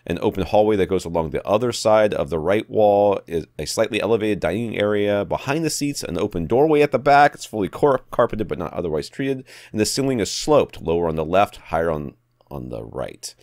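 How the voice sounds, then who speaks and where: Low-voiced guy on a podcast reading listener mail, laid back, dry close mic. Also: a little fast, no echo. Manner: relaxed, reads listener letters, laughs often. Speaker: podcast co-host. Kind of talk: casual technical chat.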